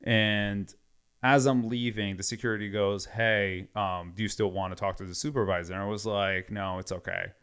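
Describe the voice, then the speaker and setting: A man's voice: fairly low pitch, moderate pace, clean tone. A man casually retelling a story with lots of quoted back-and-forth. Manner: animated retelling with many quoted exchanges.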